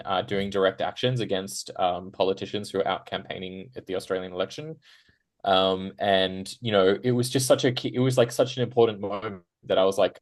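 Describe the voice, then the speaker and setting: Chatty low-voiced man on a panel. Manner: rambling, frequent "right?" tags and fillers; animated, laughs while talking. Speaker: panel guest. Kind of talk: conversational panel answer.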